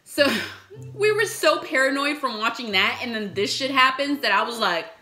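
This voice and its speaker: With a noisy background, an echoey room, and faint music, a young adult woman vlogger recounts a story over a meal. Her voice sits high with lively intonation at normal speed, and she's chatty, swearing heavily and acting out what people said.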